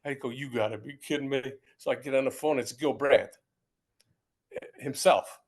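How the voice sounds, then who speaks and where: An American man in his seventies who once played pro football tells stories during a relaxed interview, often restarting sentences and repeating words. His voice is medium in pitch and his pace is normal.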